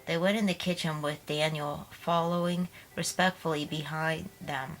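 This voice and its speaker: A woman narrating a novel aloud in a steady, soft way. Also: sits low, normal speed, hardly any pauses, poor audio. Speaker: audiobook narrator. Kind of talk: novel reading.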